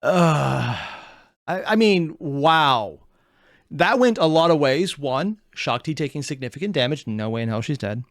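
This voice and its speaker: A man hosting a reaction channel, rambling casually and thinking out loud as he comments. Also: on the high side, animated, a little slow, no echo, studio quality. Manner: rambling, thinks aloud with restarts.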